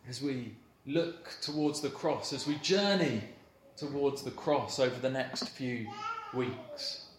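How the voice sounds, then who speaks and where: A man in his thirties, a pastor, giving a sermon in a church hall with a warm, playful storytelling manner and light laughter. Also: mid-range voice, sing-song, slow pace, a little hiss or hum. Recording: roomy hall echo, faint ambience.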